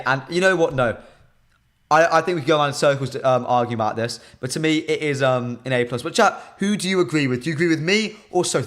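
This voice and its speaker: A young British man hosting a live stream, chatting casually and answering viewers' comments in lively banter. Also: fairly high pitch. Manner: animated, reads chat comments aloud and banters with viewers.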